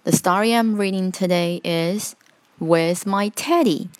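A woman reading a children's picture book aloud as storyteller, with slow, deliberate delivery. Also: fairly low pitch, dry recording.

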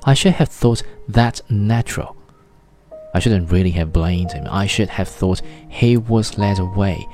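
A man voicing a bitter, vindictive betrayed wife who speaks quickly with little gasps and a trembling voice. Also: sits low, dark tone, faint music behind. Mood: furious.

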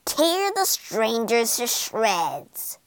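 A woman voicing a wicked one-eyed witch who speaks slowly and menacingly in a storybook. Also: a little high, wildly swooping pitch, no room sound, exaggerated voice. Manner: slow, screeching, menacing.

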